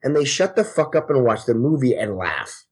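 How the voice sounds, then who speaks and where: A man in his forties talks as a podcast guest, with a slightly husky, breathy voice at a middle pitch. He tells stories with animated energy and drops profanity freely. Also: normal speed. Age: 40s. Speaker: guest actor. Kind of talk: casual podcast chat.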